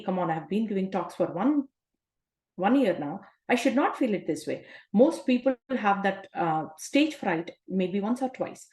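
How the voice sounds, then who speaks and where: Woman, life coach, self-help talk, conversational, rhetorical questions, mid-pitched voice. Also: a little mellow. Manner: conversational, asks rhetorical questions, often adds "right?". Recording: roomy echo.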